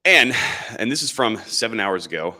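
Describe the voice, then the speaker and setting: A man's voice: fairly low pitch, very animated, normal speed, sharp tone. A man hosting a casual livestream, reading chat comments and rambling sarcastically, calling his viewers boys. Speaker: livestream host. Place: indoors, standing in camera frame.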